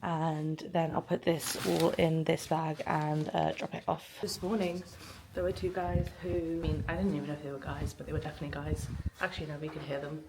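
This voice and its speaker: A woman's voice: deep voice, flat delivery, fairly quick, noisy background. A young woman chatting casually to her phone camera, with lots of fillers and frequent laughter. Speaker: vlogger. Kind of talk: casual vlog chat.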